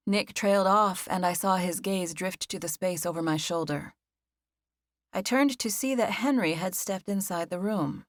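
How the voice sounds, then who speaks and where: A woman reading a first-person novel as an audiobook narrator, with measured, even storytelling. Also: fairly low pitch, no room sound, clean studio sound.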